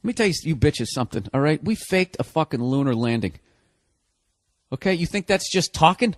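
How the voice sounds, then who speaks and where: A man's voice: a little high, expressive, brisk, no room sound, clean studio sound. A man hosting a podcast, going on a profane, sarcastic comedic rant. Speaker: podcast host.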